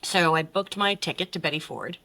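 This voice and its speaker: A woman's voice: deep voice, slow pace, sharp tone. A middle-aged woman, a podcast guest and life coach, telling her story bluntly with swearing and acted-out quotes. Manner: blunt, swears freely, acts out quotes with big voices. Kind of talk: candid personal story in conversation.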